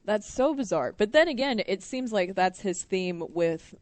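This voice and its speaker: A woman's voice: mid-range voice, lively intonation, normal speed, no echo. A woman co-hosting a sports talk radio show, chatting and teasing in a casual way.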